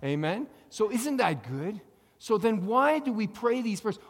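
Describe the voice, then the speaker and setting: A man preaches in a hall that rings with long reverb. His voice sits a little high for a man. He calls out for amens, has the congregation repeat after him, and swings between loud emphasis and quiet asides. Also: very animated, measured pace. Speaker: pastor. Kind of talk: sermon. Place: church sanctuary.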